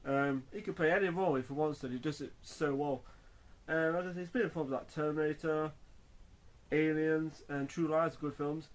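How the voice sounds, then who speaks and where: Male film reviewer, casual, rambling, filler-heavy, fairly high pitch. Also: fairly even intonation, moderate pace, a little hiss or hum.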